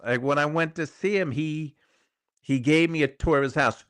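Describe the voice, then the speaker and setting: A man's voice: a little high, normal speed, a bit bright, no room sound, clean studio sound. A middle-aged man hosting a casual live stream, chatting loosely, reading viewer comments aloud and often repeating his phrases. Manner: rambling, conversational, repeats phrases. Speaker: show host.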